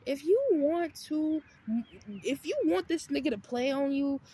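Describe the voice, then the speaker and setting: A woman vlogger telling a story outdoors in a casual, profane, animated way, switching to a raised voice when she repeats her own retorts. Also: sits high, a little slow.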